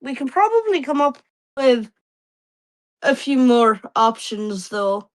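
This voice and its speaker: A woman playing in a tabletop game, chatting casually at the table with quick asides. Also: on the high side, sing-song, dry recording. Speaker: player.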